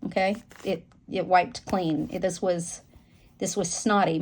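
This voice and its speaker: A woman's voice: lowish voice, darkish tone, a little hiss or hum. A woman with a Southern American accent, chatting casually to camera about her planner in a folksy, candid way with lots of fillers. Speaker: planner vlogger.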